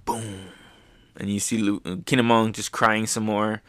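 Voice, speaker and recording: Host, male, low voice, dry close sound, excitable manga recap. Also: moderate pace, smooth, no echo. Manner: excited, often dropping soft. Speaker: podcast host.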